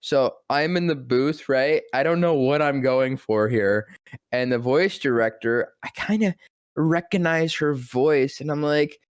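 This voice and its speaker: A young man tells a story with excitement, jumping into different voices as he quotes people. He swears casually, and his voice sounds dry and close to the mic. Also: mid-range voice, a little slow, smooth, no room sound. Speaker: voice actor guest. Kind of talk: animated storytelling interview.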